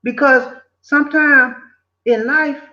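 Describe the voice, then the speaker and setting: An older man gives casual, preachy life advice, animated and repetitive. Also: very high-pitched, takes it slowly. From southern United States. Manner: preachy, animated, repeats himself, slips in quoted voices. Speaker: vlogger giving life advice. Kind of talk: casual motivational talk. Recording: echoey room, dull lo-fi sound.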